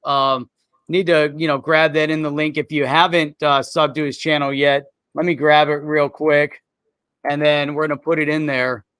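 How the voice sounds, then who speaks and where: Chatty guy hosting a live stream, kinda high voice, dry close mic. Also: little pitch movement, moderate pace, fairly bright tone, clear, resonant tone, no echo. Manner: loose and chatty, peppers talk with "man" and "you know". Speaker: livestream show host. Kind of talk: casual chat.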